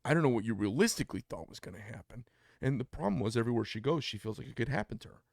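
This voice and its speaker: A man tells a story on a podcast in a blunt, opinionated way and acts out the people in it. His voice is gravelly at a medium pitch, recorded dry and close. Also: animated, racing, dry recording. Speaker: podcast co-host. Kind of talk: casual storytelling chat.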